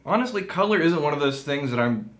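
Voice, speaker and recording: A man's voice: a little high, animated, fast. A man co-hosting a whiskey tasting show, chatting casually with dry joking asides.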